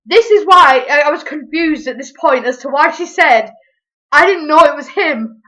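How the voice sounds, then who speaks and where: Chatty young woman, high voice. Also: low-quality recording. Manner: animated, chatty, quick asides. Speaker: vlogger. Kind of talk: casual storytelling.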